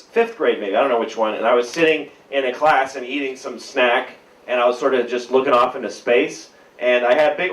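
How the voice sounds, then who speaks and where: A man's voice: mid-range voice, echoey room, far from the mic, background noise. Man telling a rambling story from afar. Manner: rambling, self-deprecating anecdote.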